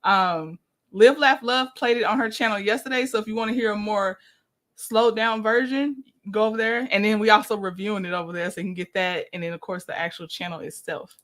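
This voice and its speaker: A woman's voice: mid-range voice, a little fast, fairly bright tone. Chatty woman hosting a livestream. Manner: chatty, laughs often, greets viewers by name. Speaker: livestream host. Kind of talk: casual livestream commentary.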